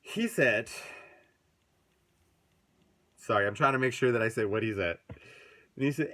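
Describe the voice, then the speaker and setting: A man's voice: mid-range voice, unhurried, pauses often. Profane ranting man. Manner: profane, ranting, swings loud and soft. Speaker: video commentator. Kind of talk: angry casual commentary.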